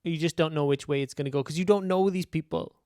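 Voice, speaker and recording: A man's voice: on the high side, fast, clean tone, no echo. Rambling storyteller man, dry mic. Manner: rambling storyteller, often drops to a softer voice. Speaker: podcast co-host, musician. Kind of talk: casual chat, anecdotes.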